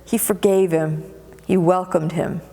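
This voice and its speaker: In a church sanctuary, a woman pastor with a lowish, steady, mellow voice preaches at a measured pace, telling the story expressively and repeating words for emphasis. Long church reverb fills the recording.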